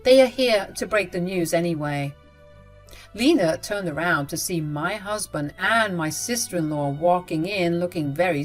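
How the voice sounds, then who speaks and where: A woman telling a family drama story in a gossipy, mocking tone. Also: fairly low pitch. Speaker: narrator. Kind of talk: storytelling narration.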